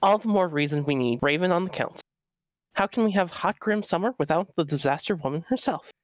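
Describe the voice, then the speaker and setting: A man's voice: fairly high pitch, animated, a little fast, no echo, close to an everyday voice. A man voicing a dutiful robot girl who reads out minutes in a formal, precise manner.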